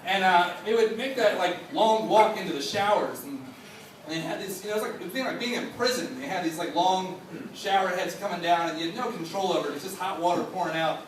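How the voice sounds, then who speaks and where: A man telling a funny story to a live audience, animated and laughing, acting out other people's voices. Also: high voice, a little fast, far from the mic, background noise. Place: stage before a live audience. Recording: echoey hall, voice from off mic.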